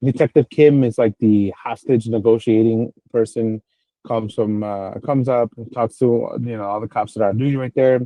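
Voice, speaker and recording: A man's voice: mid-range voice, steady tone, normal speed, warm tone, dry recording, rough recording. A man co-hosting a podcast, casually retelling a TV episode in a rambling way, full of fillers and restarts. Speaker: podcast co-host. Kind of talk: casual chat recapping a TV episode.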